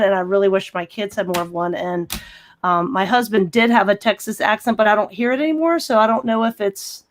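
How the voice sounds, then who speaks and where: A woman with a light Richmond, Virginia accent talks as a podcast guest. Her voice sits in an ordinary middle pitch. She rambles warmly through her thoughts and leans on "you know". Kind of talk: casual chat.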